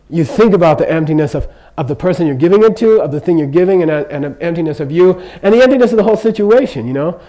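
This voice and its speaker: This informal Buddhist teaching comes from an older man with a warm, slightly high voice who rambles with humor and asides. Conversational rather than preachy, he checks in with "okay?" constantly, on a rough recording.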